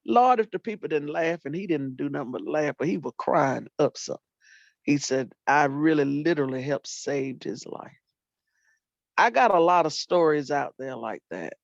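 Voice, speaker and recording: An older woman, a retired teacher and librarian, telling animated stories about her students in casual talk and acting out what people said. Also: sits low, moderate pace, gravelly, no room sound. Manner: animated storyteller, acts out quotes, folksy Southern phrasing. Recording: dull lo-fi dry sound.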